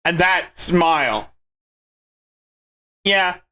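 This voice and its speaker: A man's voice: high-pitched, lively intonation, drawn-out words, pushed and bright. A man hosting a live stream commentary, mocking and sarcastic, saying he is losing his voice.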